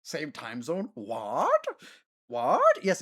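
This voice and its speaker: A man streaming a game, chatting casually with his viewers in a giggly, animated way. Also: a little high, takes it slowly. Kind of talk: casual gaming stream chat.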